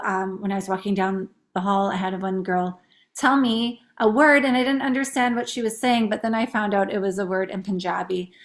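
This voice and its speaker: A woman teacher chatting casually and upbeat, explaining how she teaches young kids to count syllables. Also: medium pitch. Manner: chatty, upbeat, demonstrates words slowly in syllables.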